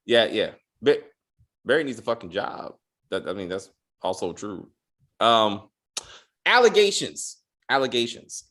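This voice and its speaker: A man co-hosting a casual TV review podcast, swearing freely and acting out characters' lines in quick exasperated bits. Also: lowish voice, a bit bright. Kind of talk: casual spoiler review chat.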